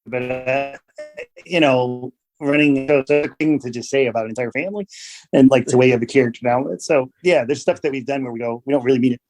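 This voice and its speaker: A man guesting on a podcast as a TV show writer and producer, explaining things in a measured way with little anecdotes, in casual chat. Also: medium pitch, darkish tone, soft background music.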